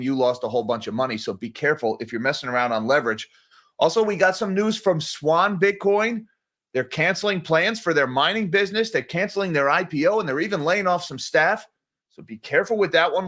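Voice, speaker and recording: A man's voice: on the high side, a bit bright. A man hosting a morning market livestream, talking casually and directly to his viewers. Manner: conversational, direct, addresses viewers as guys. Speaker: market news livestream host.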